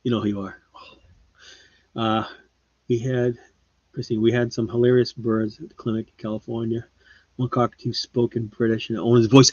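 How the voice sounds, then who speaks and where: A man hosting a live stream, chatting casually with viewers and rambling, his voice often trailing off quietly. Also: mid-range voice, flat delivery, moderate pace, pauses often, breathy edge, no echo. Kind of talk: casual chat. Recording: slightly muffled lo-fi sound.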